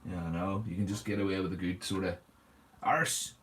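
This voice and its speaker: A man's voice: low-pitched, level tone, fast. Chatty man, laughing often. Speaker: livestream host. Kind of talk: casual livestream chat reading viewer comments.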